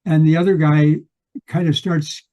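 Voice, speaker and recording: A man's voice: fairly high pitch, flat delivery, measured pace, mellow. Older man rambling through a story. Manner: rambling storyteller with many restarts. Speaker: podcast co-host. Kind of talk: casual book discussion.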